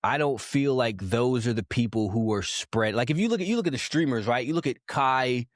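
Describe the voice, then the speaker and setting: A man co-hosting a casual opinion podcast, arguing his points with lively, rising emphasis. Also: brisk, dry recording, clean studio sound. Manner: animated, argumentative, voice jumps high for emphasis. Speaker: podcast co-host.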